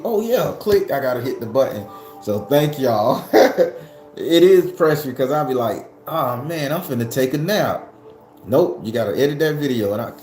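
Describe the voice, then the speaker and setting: A man hosting his tarot channel, chatting casually with viewers, animated and cussing, often laughing and shooting his voice up when worked up. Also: fairly low pitch. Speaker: tarot reader and channel host. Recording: echoey room with faint background music.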